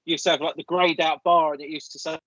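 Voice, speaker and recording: A man co-hosting a casual podcast, talking in a relaxed, conversational way with a mildly indignant edge. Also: on the high side, fast talker, no echo, lo-fi sound. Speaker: podcast co-host.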